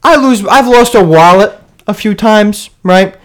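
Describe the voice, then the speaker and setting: A man's voice: high voice, measured pace. A young man reacting with jokes and disbelief on a casual podcast. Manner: incredulous, joking, says "bro" and "dude". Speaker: podcast co-host. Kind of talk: casual chat.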